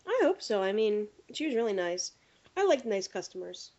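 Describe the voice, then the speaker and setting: Woman podcast host, animated storyteller, mid pitch, dull lo-fi audio. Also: normal speed. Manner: animated storyteller acting out quotes. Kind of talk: casual chat, anecdote telling.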